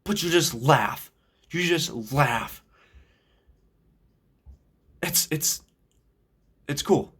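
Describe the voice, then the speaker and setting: A man's voice: a little high, very slow, long pauses, a bit bright, breathy edge. Rambling young man telling a story. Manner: rambling, swears often, frequent restarts and fillers. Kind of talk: casual anecdote.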